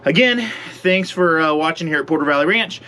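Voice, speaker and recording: A man's voice: on the high side, expressive, a little fast, sharp tone. A man hosting his ranch vlog outdoors in the cold, a bit out of breath and talking in an easygoing, rambling way. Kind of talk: casual vlog talk to camera. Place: outdoors at a sheep pen in the cold.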